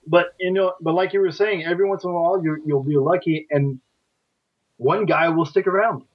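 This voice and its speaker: Halting man, dull lo-fi sound. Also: fairly high pitch, fairly even intonation, dry recording. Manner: halting, full of fillers and repeated starts. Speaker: catch wrestling instructor, guest. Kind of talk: casual podcast chat.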